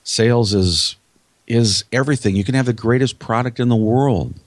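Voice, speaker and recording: A man's voice: medium pitch, moderate pace, dry recording. A man with a Minnesotan accent, a sales trainer speaking as a podcast guest in an emphatic, motivational way, repeating his key phrases. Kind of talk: podcast interview.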